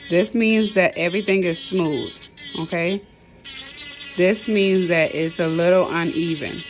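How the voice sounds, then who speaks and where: With a nail drill whirring in the background, a woman nail technician walks her class through drill technique in a casual, repetitive way. She talks unhurriedly in a lowish voice, chatty and full of Southern US slang, amid some background noise.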